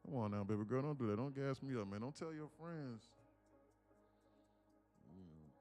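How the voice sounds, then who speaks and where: A man's voice: mid-range voice, expressive, moderate pace, dark tone, soft background music. A man live-streaming his day trading, chatting casually and joking while reading viewers' comments. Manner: joking, reads chat aloud, puts on slang voices.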